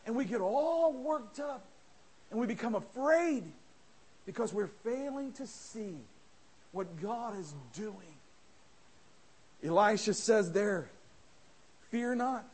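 High-voiced, fiery male preacher. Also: animated, takes it slowly, pauses often, husky. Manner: impassioned, shouting, calls listeners friends. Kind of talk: fervent sermon.

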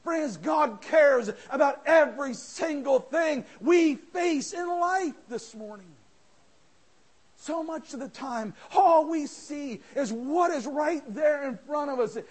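High-voiced, fiery male preacher. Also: takes it slowly. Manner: impassioned, shouting, calls listeners friends. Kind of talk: fervent sermon.

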